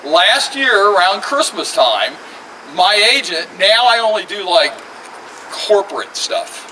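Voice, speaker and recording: A man's voice: high voice, very animated, measured pace, sharp tone. A retired man doing a profane, self-mocking stand-up comedy set. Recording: distant mic, faint noise.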